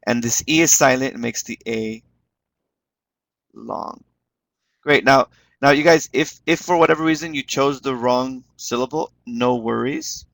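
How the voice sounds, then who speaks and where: A man's voice: mid-range voice, a little slow, gravelly, a bit bright, no room sound. A man leading an online teaching webinar, encouraging the class and repeating words as he explains them. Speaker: webinar instructor.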